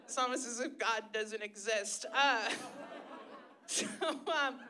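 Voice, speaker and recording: A woman doing a profane, sarcastic stand-up comedy set on a live stage, jumping into shrill put-on voices when quoting people. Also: slow, sharp tone, some chatter behind.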